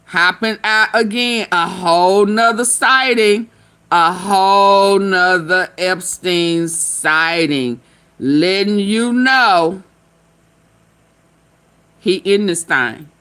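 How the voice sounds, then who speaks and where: Slow-drawling sassy woman host. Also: medium pitch, fairly bright tone, clean tone. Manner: sassy, teasing, laughs often. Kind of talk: casual commentary.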